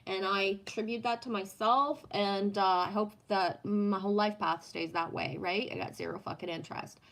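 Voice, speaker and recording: A woman's voice: medium pitch, fairly even intonation, normal speed, vocal fry, a bit bright, low-quality recording. A woman in her fifties chatting casually on a live stream, swearing freely, laughing often and reading viewer comments aloud. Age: 50s. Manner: profane, laughs often, reads chat aloud.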